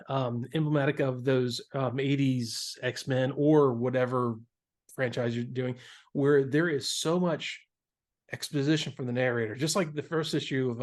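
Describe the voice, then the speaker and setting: Man, podcast host, casual chat, laughs a lot, stumbles over words, mid-range voice. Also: medium pitch. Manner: laughs often, stammers and restarts.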